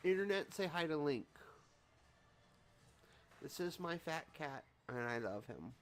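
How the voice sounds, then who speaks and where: A man's voice: fairly high pitch, very animated, a little slow, a little hiss or hum. A man hosting a livestream, casually reacting to wrestling in a playful, teasing way. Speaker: livestream host. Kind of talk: casual wrestling watch-along commentary.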